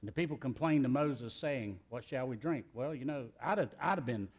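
A man's voice: mid-range voice, animated, a little fast. A middle-aged man, preaching a sermon in a church in a folksy, talkative way with joking asides. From South Carolina, US. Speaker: pastor. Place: church sanctuary.

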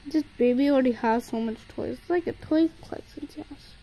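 A woman's voice: high-pitched, a little fast, mellow, rough recording. A woman narrating playful pretend play with toys, talking in a sing-song way to a toy baby.

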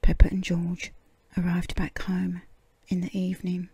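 Woman, whispered storybook reading, slow, breathy, low and mellow, dry close sound. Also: completely flat delivery, no echo. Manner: soft hushed half-whisper. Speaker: storybook reader.

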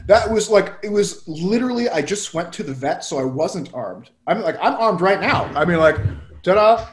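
Man co-host with a high voice, casual storyteller, roomy webinar sound. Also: lively intonation, moderate pace. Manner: loose and rambling, with lots of filler "like". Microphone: webinar video call.

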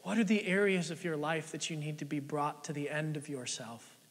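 Male pastor, sermon, high voice, animated and conversational, echoing church hall. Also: moderate pace, breathy edge. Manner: swings between loud emphatic lines and hushed, near-whispered ones; animated, conversational preaching with rhetorical questions. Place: church sanctuary. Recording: long church-hall reverb.

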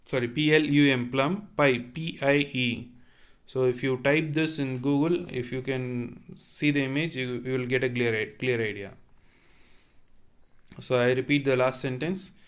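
Speaking at a medium pitch with fairly even intonation, a man gives an online French lesson. He patiently reads, translates, and repeats each sentence, taking a slow, deliberate pace and explaining every line.

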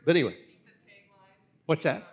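An older man, a pastor telling folksy stories in a lively, animated way. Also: on the high side, normal speed, vocal fry, husky. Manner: animated, folksy storyteller with big laughs. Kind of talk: storytelling sermon talk.

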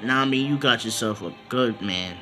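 A man voicing a caring young girl in his own voice, gentle and pleading. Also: mid-range voice, moderate pace, faint music behind, lightly acted.

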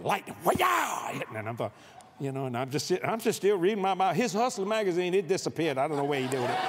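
A man's voice: on the high side, slight background noise. A middle-aged man preaching a humorous sermon on a convention stage, acting out scenes with sound effects. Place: convention stage before a live audience.

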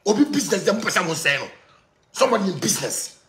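A man with a Ghanaian accent on a heated, repetitive monologue in pidgin, breaking into bursts of shouting. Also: high-pitched, very animated, quick pace, echoey room.

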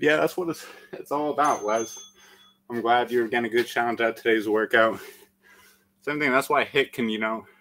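A man's voice: fairly low pitch, poor audio. Winded man coaching a workout. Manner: energetic countdowns and encouragement, chatty with fillers. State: out of breath after exercise. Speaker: fitness instructor. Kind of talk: live-streamed workout coaching.

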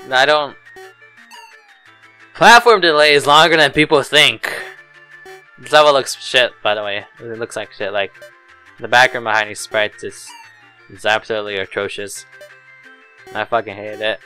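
Man, very bright and sharp voice, smooth and clear, let's play commentary, swearing, frustrated yelps, faint game music behind. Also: lowish voice, measured pace, long pauses. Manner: swears a lot, loud frustrated outbursts; mutters and groans to himself. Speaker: player commentating custom game levels.

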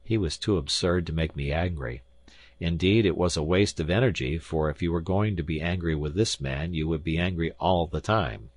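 A man narrating an audiobook in a measured, even reading style at a close studio microphone. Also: low-pitched, no room sound. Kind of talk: scripted narration.

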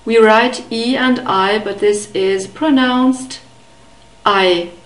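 A woman teaching a beginner language lesson, carefully modeling sounds and repeating words slowly. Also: a little high, echoey room, poor audio. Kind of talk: slow, deliberate pronunciation lesson.

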